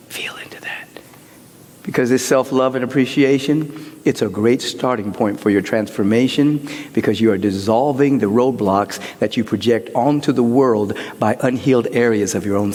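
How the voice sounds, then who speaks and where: A man preaching a sermon as pastor, swinging from soaring shouts to hushed whispers. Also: medium pitch, moderate pace. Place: large church hall. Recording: hall reverb.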